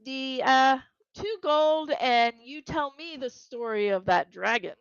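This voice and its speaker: A chatty, rambling town tour guide, played by a woman in a tabletop game, with a slightly high, gravelly voice. The sound is dry and somewhat dull, like a lo-fi home setup. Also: slow pace, no room sound. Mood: eager.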